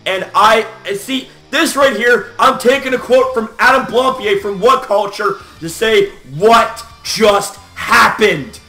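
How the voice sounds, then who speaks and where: A man giving a loud, animated reaction rant as a wrestling fan vlogger, swearing and shouting often. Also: sits high, unhurried, hardly any pauses, reverberant, soft background music.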